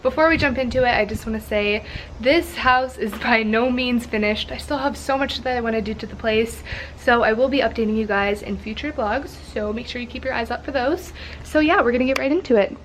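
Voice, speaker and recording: A woman's voice: on the high side, fairly quick, slight background noise. A young woman vlogger giving a casual tour of her apartment, chatty and rambling with lots of ums and likes. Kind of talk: casual home tour vlog. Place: apartment indoors.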